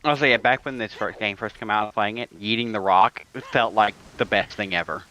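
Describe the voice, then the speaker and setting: A man giving casual commentary on a video game race, jokey and quick to tease and laugh. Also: on the low side, bright, forceful tone, rough recording. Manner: jokey, laughs easily, teasing.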